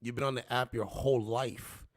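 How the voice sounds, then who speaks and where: A man hosting a livestream, casually mocking and trash-talking the people on it with drawn-out taunts. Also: mid-range voice, fairly even intonation, no room sound, clean studio sound. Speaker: livestream host.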